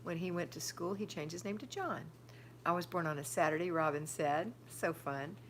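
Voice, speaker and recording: An older woman hosts a live stream, chatting casually, reading viewer comments aloud, and handing out firm homemaking advice. Her voice is fairly low and her pace moderate, with a little hiss or hum in the recording.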